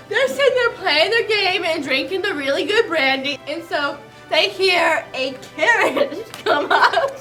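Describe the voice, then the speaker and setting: A woman's voice: very high voice, expressive, a little slow, few pauses, sharp tone, soft background music. A woman casually retelling a play's plot in a chatty, giggly way. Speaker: comedic storyteller.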